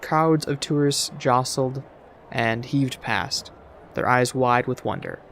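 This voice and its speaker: A man's voice: mid-range voice, slow, fairly bright tone, a little hiss or hum. A man reading a story game aloud while playing, stumbling over words and adding asides. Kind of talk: let's play reading aloud.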